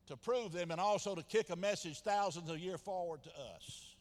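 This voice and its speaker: Preacher in his 70s, high voice, goes quiet then hollers, echo of a big hall. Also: fairly quick, hardly any pauses. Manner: swings from quiet asides to loud shouted preaching. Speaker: pastor. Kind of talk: sermon. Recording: long hall reverb.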